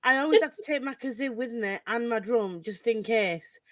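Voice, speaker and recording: A woman's voice: on the high side, animated, moderate pace, dry recording. A woman hosting a casual group video chat, giggly and self-mocking, often breaking into laughter. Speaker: host.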